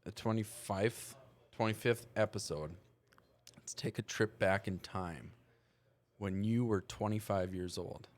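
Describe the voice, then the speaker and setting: A man's voice: fairly low pitch, measured pace. A man hosting a casual podcast chat with his co-hosts, leading the talk in a playful, teasing way. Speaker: podcast host.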